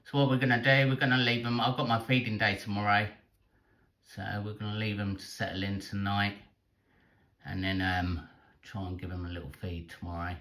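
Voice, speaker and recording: A man, hosting a casual vlog and chatting in a relaxed way about his tarantulas, with plenty of ums. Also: fairly low pitch, fairly quick. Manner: chatty, laid-back, says um and uh a lot. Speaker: tarantula keeper and channel host. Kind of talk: casual show-and-tell vlog.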